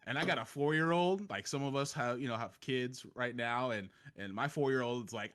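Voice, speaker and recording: A man in his thirties telling a story in casual podcast chat, animated and acting out the voices in it. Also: medium pitch, a little fast, hardly any pauses. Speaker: podcast guest.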